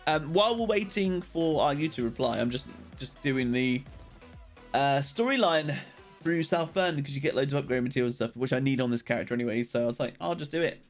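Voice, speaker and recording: A man's voice: mid-range voice, animated, brisk, soft background music. A young man rambling casually on a game live stream, greeting viewers by name as he plays.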